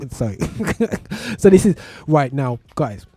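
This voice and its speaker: A man's voice: on the high side, big pitch swings, takes it slowly, dark tone, husky, no room sound. A man hosting a live radio show, chatting casually, with lots of stammering restarts and laughs.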